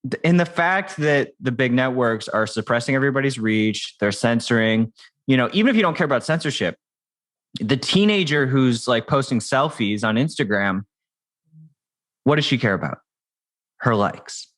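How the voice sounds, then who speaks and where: A man's voice: mid-range voice, animated, moderate pace, fairly bright tone. A man who is a tech company founder, speaking as a guest in a casual podcast interview, talking loosely with frequent restarts and fillers. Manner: conversational, many restarts and fillers.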